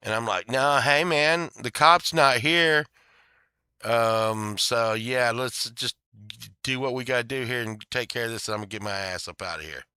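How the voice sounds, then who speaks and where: A man's voice: lowish voice, moderate pace, pushed and bright, clear, resonant tone, no room sound, studio quality. A man telling a story in an angry, swearing rant, acting out the other people in it. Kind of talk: casual profane storytelling rant.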